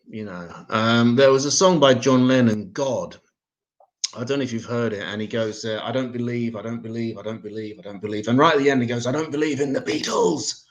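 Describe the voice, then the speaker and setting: A man's voice: mid-range voice, fairly bright tone. A man hosting a comedy open mic and doing crude stand-up one-liners.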